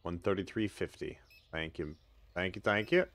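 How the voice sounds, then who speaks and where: A man's voice: sits low, normal speed, fairly bright tone. A man casually commenting on his own gameplay on a live stream, chatting with viewers and making sarcastic asides.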